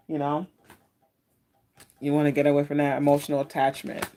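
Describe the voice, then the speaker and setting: A woman's voice: sits low, completely flat delivery, fairly quick, mellow, slight background noise. A woman hosting a casual live-stream tarot reading. She talks in a chatty, meandering way and greets viewers by name.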